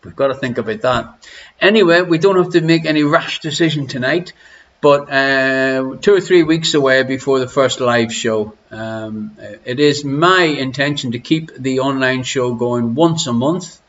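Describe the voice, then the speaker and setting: A man's voice: mid-range voice, normal speed, a bit bright. An Irish man hosting an online quiz show from his living room, chatting and teasing viewers as he greets them by name. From Ireland. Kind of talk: casual live-stream chat. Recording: lo-fi home stream audio.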